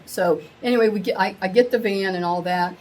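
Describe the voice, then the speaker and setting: A middle-aged woman telling a rambling, excitable story to a small live group, acting out the quotes with big jumps in her voice. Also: mid-range voice, brisk, a little hiss or hum, rough recording. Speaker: meetup attendee sharing a story. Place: women's meetup gathering, audience laughing.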